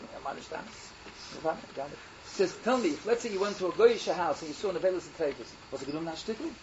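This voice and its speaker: A man's voice: on the high side, fast talker, a little hiss or hum. A man telling stories as a Torah lesson, acting out the people he quotes and laughing as he goes. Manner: lively, acts out quoted speakers, laughs while telling. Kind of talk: animated storytelling lesson. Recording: dull lo-fi recording.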